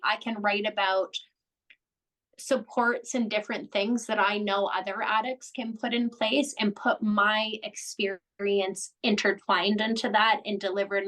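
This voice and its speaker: A woman speaks as a podcast guest at a mid pitch, earnest and heartfelt. Her thoughts tumble out in long, loosely strung sentences. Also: fairly bright tone, rough recording. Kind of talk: candid unscripted chat.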